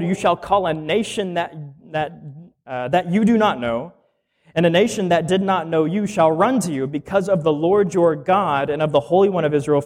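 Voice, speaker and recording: A man's voice: fairly high pitch, darkish tone. A man, a minister, teaching a conversational sermon and often asking rhetorical questions.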